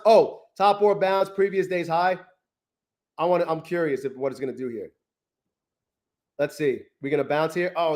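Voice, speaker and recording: A man streaming his futures trades live from his garage, thinking aloud and swearing often, swinging from flat muttering to loud gloating. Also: fairly high pitch. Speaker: trading livestreamer. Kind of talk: live trading stream commentary. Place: home garage.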